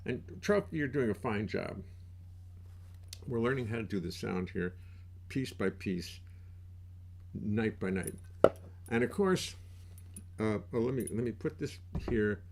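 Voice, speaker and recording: Gravelly older man chatting wryly. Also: lowish voice, animated, a little slow, long pauses, a little mellow, slight background noise. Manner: wry, self-mocking, chatty with restarts. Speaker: musician hosting a livestream. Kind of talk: casual rambling livestream chat. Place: home studio. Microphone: desk mic.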